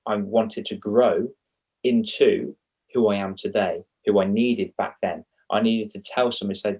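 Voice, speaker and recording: A man with a low, husky voice talks through a casual interview. He is a children's confidence coach, and he rambles animatedly from point to point, often poking fun at himself. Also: normal speed. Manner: animated and rambling, with self-mocking asides.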